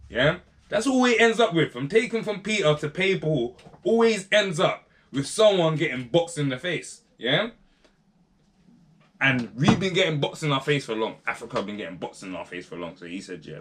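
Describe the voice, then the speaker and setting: A man's voice: mid-range voice, a bit bright. A young man giving casual, slangy commentary to his viewers, rambling off topic and often asking them to comment. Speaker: vlogger.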